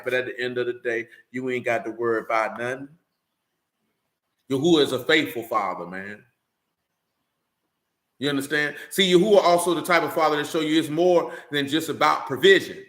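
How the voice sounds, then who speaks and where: A man's voice: medium pitch, a bit bright. Fervent, emphatic male preacher in an echoey room. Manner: preachy, repeats "man" and "you understand", rising to emphatic. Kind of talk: sermon with scripture reading.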